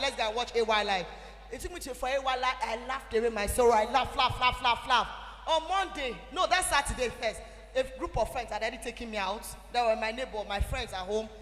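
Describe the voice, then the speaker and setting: A young Nigerian woman with a Nigerian English accent, giving an animated, emphatic teaching talk to a church audience. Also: sits high. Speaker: church speaker. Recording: echoey hall with faint music.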